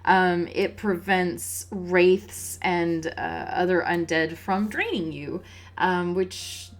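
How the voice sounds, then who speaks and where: A woman's voice: on the low side, slow pace. A woman hosting a let's play, giving casual, musing gameplay commentary and laughing often.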